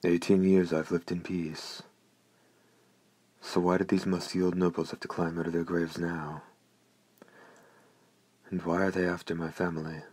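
A man voicing a frightened, indignant young woman of eighteen in an audiobook, talking quickly and fretfully. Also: low voice, flat delivery, darkish tone, poor audio.

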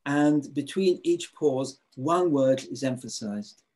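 A man's voice: mid-range voice, slow, mellow. A man presenting a live webinar over a video call, eager and full of fillers and restarts. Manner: enthusiastic, with many fillers and restarts. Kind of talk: teaching a live online webinar.

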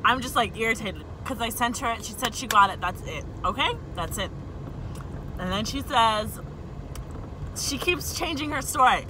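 A woman's voice: on the high side, animated, moderate pace, sharp tone, slight background noise, poor audio. A woman from the United States telling a long, irritated story to her vlog viewers and checking in with "okay?" as she goes. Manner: exasperated, repeats "okay?" to the viewers, talks through restarts. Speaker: vlogger. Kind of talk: casual vlog rant to camera.

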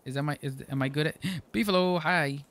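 Playful male streamer, fairly high voice. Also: a little fast, a bit bright. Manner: playful, jokey, laughs often, mock-formal asides. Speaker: game streamer. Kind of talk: live gameplay commentary, reading chat.

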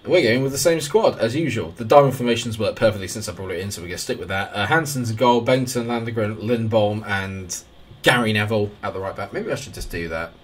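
A man giving casual, excitable commentary over a football management game, with wry asides. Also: lowish voice, fast, husky. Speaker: gaming YouTuber.

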